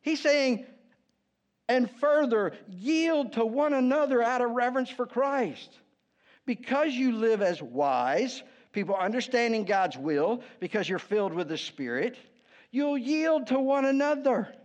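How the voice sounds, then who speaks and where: A man preaching with a fairly high voice, talking to his congregation in an easy, conversational way with dry humor. He drops low and quiet on key words, then lifts his voice for emphasis. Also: lively intonation, a little slow. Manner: conversational, asks the congregation "right?" often, wry humor. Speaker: pastor. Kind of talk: sermon.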